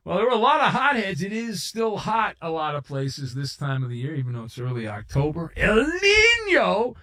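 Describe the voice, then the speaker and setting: A man's voice: a little high, a little fast, fairly bright tone. A middle-aged man hosting a sports talk radio show, delivering a sarcastic, opinionated monologue and mocking outrage with put-on voices.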